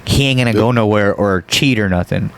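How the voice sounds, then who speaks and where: A man's voice: on the low side, brisk, clear, resonant tone. A man hosting a comedy podcast who rambles, asks the guest questions and slips into goofy voices for jokes. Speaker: podcast host. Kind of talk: casual podcast banter.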